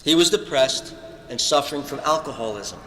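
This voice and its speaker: A man's voice: mid-range voice, lively intonation, normal speed, pushed and bright, slight background noise. A man giving an earnest spoken testimony, telling stories from his own life and acting out the other people's lines. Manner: earnest, retells conversations with acted-out quotes. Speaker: panel speaker giving a testimony. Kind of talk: storytelling testimony talk. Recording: echoey hall with long reverb.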